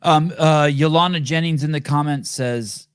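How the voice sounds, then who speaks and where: A man's voice: on the high side, moderate pace, clean tone, no room sound, studio quality. A man hosting a podcast in casual chat, rambling with lots of ums and getting enthusiastic. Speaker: podcast host.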